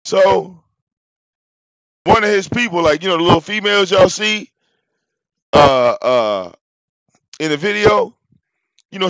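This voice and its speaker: A channel host casually tells his audience a story in an animated, profane style, often repeating words and restarting sentences. His voice sits high, and the recording is lo-fi with no room sound.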